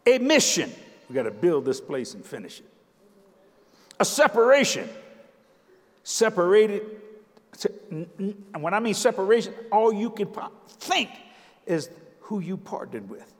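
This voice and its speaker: An older man preaches in a strikingly high voice, joking with the crowd and hammering his points home with sudden shouts. His words ring out with a long reverb, as if recorded across a large church hall. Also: big pitch swings, measured pace, pauses often. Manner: emphatic, jokey preaching with sudden shouted lines. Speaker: visiting preacher. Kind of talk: sermon.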